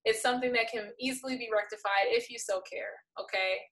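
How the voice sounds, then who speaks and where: This tarot reader sounds a little high, with fairly even intonation and a fairly quick pace, captured on a low-quality recording. Her casual reading is playful yet exasperated, full of laughter, lurching from quiet muttering to loud outbursts.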